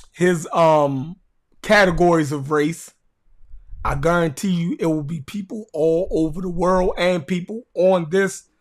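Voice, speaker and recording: Man, Baltimore accent, podcast host, casual talk to a live chat, high-pitched voice, blunt and profane. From Baltimore, USA. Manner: blunt, profane, repeats phrases for emphasis.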